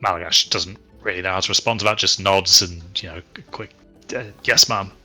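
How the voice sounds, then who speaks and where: A man running a tabletop game, narrating in a relaxed, rambling way full of fillers. His voice is low with a strikingly bright, forceful edge. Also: brisk, soft background music. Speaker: game master.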